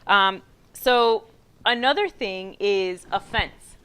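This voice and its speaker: A woman giving a talk as guest speaker on a mic, telling stories in an animated way, acting out quotes and laughing. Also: mid-range voice, slow, clean tone. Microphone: handheld mic.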